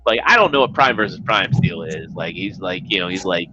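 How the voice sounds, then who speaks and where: A man's voice: low-pitched, animated, a little fast, dull audio, noisy background. A man chatting casually as a guest on a livestream, rambling and swearing, full of fillers. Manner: rambling, profane, filler-heavy.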